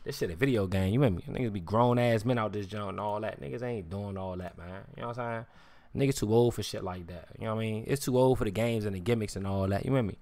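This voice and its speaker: This man's voice is lowish with a dark tone, and he speaks quickly as he rants on a live stream. He keeps saying "you hear me," curses often, and sticks to casual street slang in a repetitive way. No echo is present.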